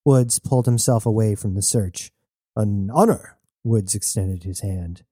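A man reading a novel aloud as narrator in a steady storytelling manner. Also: fairly low pitch, moderate pace, slightly rough, no echo, clean studio sound. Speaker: audiobook narrator. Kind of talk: scripted narration.

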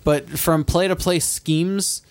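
A young man cohosts a casual sports podcast, rambling through a story with plenty of laughter and the odd swear word. His voice sits a little high for a man. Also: fairly even intonation, slow. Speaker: podcast co-host.

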